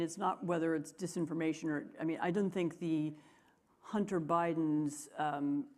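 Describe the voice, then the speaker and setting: A woman's voice: sits low, a little mellow. A woman on a conference panel answering a question in a hesitant, dismissive way.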